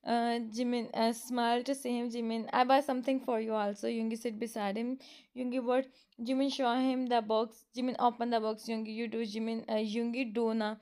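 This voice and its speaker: Woman reading fan fiction aloud, halting and unpolished, slightly high and smooth voice. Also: level tone, darkish tone. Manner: halting, with frequent fillers and restarts. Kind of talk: casual story reading.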